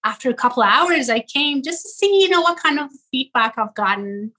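A woman from Iran with a husky, breathy edge to her voice, speaking a little higher than most women. Her tone is bright and forward. She is chatting animatedly in an interview and often asks "right?" to keep the listener with her. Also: poor audio. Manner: animated, talks in quick bursts and often checks in with "right?". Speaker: social media content creator, guest. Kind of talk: casual interview chat.

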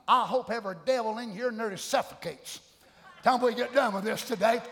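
A middle-aged man preaching a sermon, shouting fervent declarations between folksy asides. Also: high-pitched, fairly even intonation, fast talker. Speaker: pastor. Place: church sanctuary. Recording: long church hall reverb.

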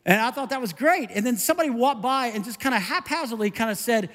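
A middle-aged male pastor preaching a conversational, animated sermon. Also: very high voice, fast talker, long reverb tail. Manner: conversational, animated, self-interrupting with laughs.

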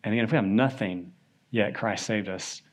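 A man's voice: fairly low pitch, normal speed. A man teaching a Sunday school Bible lesson in a church classroom, casual and conversational, often checking in with "right?". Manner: conversational, often asks "right?", animated when telling a story.

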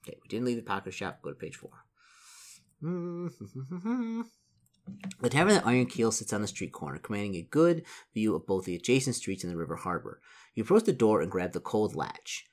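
A man's voice: fairly low pitch, sing-song, fast talker. A man casually reading a solo gamebook aloud, stumbling over and correcting words and adding chatty asides. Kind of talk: casual gamebook read-through.

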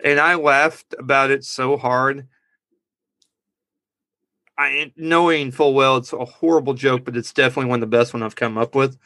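A man talking through a movie on a podcast, his voice bright and forward with a dry, close sound. He rambles, loses his thread, and cracks up at his own dad jokes. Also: medium pitch, fairly even intonation, moderate pace, no echo. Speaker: podcast co-host. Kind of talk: casual movie review chat.

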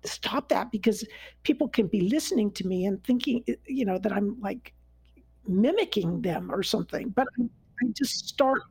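A US neuroscience expert appears as a guest, giving a rambling, conversational explanation of how learning works with frequent restarts and fillers. Her voice is expressive and medium-pitched, darkish and slightly rough, at a normal speed. There's no echo, though the audio is poor.

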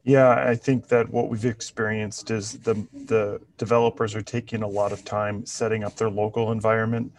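A man hosting a podcast interview, chatting casually with relaxed fillers. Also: lowish voice, normal speed, few pauses. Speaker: podcast host.

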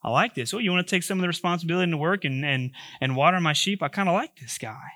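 Lovestruck young woman as a male preacher puts her on, soft cooing voice, dreamy. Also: a little high, rapid-fire, no echo. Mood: smitten. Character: smitten young woman admiring a strong man.

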